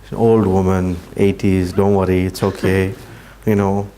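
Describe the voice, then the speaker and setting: A man giving a religious talk, telling a story earnestly and slowing down for emphasis. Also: sits low, flat delivery, warm tone. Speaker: Islamic speaker.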